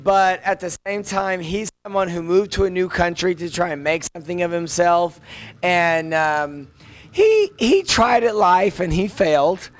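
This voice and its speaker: A young man with a rather high voice chats as an interview guest. He gossips bluntly and swears freely, in relaxed talk. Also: unhurried, rough recording. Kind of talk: casual interview chat.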